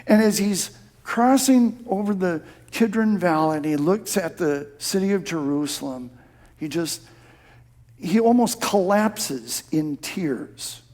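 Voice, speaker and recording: A male pastor preaching a sermon, dropping to a soft hush for prayers and rising to emphatic shouts on key phrases. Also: high voice, animated, slow pace. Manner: drops to a soft hush when quoting prayer.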